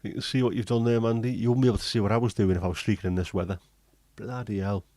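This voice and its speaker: A man's voice: on the low side, steady tone, rapid-fire, mellow, dry recording. A man hosting a livestream, chatting casually, joking and swearing as he reads viewer comments. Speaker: livestream host.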